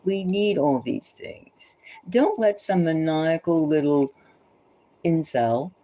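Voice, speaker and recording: Slow, expressive and warm, her low-pitched voice carries an impassioned tarot reading that turns preachy with repeated, urgent pleas. At times she falls to a whisper, and the recording is of low quality.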